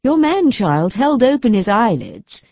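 A woman playing a bright young wife. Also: fairly high pitch, wildly swooping pitch, a little slow, no room sound, voice pushed up, heavily acted. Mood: cheerful. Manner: bright and cheerful. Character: cheerful young wife and mother. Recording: dull dry studio recording.

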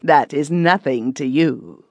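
A woman's voice: sits low, slow, a little mellow, no echo, exaggerated voice. A woman reading a boastful, self-important German official, a middle-aged man, in an audiobook.

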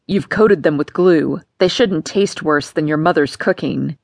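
A woman's voice: low-pitched, unhurried, darkish tone, no echo, voice pushed down, full character voice. A woman voicing a domineering, menacing father who barks harsh orders. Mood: bellowing. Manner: gruff bellowing commands.

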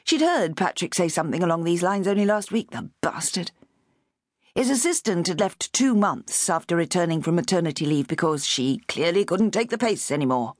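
A woman narrating an audiobook of a novel in an expressive, lively way. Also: fairly low pitch, no echo, studio quality.

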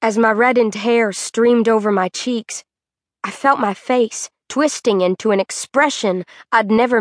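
A woman narrating a fantasy audiobook in a measured, dramatic manner, recorded on a studio microphone. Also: mid-range voice, dry recording.

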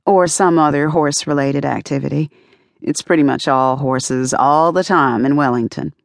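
A woman's voice: low voice, moderate pace, gravelly, no echo, studio quality. A woman voicing a young female filmmaker who answers in a wry, dryly self-deprecating way.

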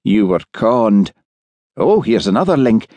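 A man voicing an easygoing, shrewd Highland village policeman who talks calmly and wryly. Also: measured pace, no echo.

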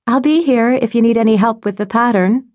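A woman's voice: a little high, a little fast, a little mellow, dry recording, pitched above the performer's own voice, close to an everyday voice. A woman voicing a friendly adult woman who owns a yarn shop, chatty, upbeat and reassuring, in an audiobook.

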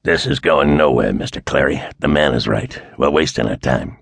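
A man's voice: very deep voice, normal speed, vocal fry, fairly bright tone, husky, no room sound, pitched below the performer's own voice, heavily acted. A man voicing a curt, level-headed male attorney in an audiobook.

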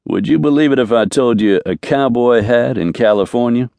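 A man playing a weary, gruff rodeo cowboy who answers in clipped, terse lines. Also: mid-range voice, normal speed, darkish tone, no room sound, voice pushed up, natural voice.

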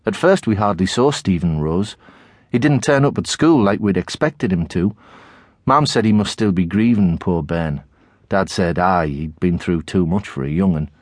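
A middle-aged man with a Tyneside accent narrating a children's novel in the first person, expressive storytelling. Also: lowish voice, dry recording, studio quality. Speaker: audiobook narrator.

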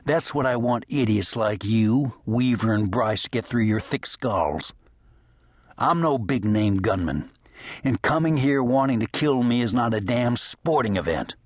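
Male narrator plays a steady, commanding sheriff, low and husky. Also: a little slow, no echo, clean studio sound. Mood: harsh. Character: stern, steady frontier sheriff.

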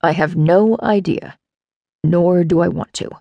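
A woman's voice: measured pace, gravelly, no echo, lo-fi sound. Woman doing a growly, curt man. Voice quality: deep growl. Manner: curt, dismissive. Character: gruff impatient man, security expert.

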